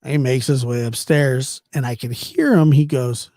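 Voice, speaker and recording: A man telling a casual anecdote, animated and chuckling as he acts out the people in it. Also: mid-range voice, measured pace, few pauses, no room sound, clean studio sound. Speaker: storyteller.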